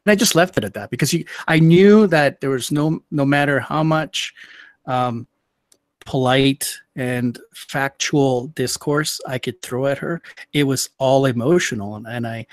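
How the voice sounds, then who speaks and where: A man talks through a personal story in a casual, measured way. He stops often and restarts his sentences. His voice sits at an ordinary mid pitch, and the recording is dry and close with no room sound. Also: dry recording. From Canada. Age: under 60. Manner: measured, halting telling with frequent restarts. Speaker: livestream show host.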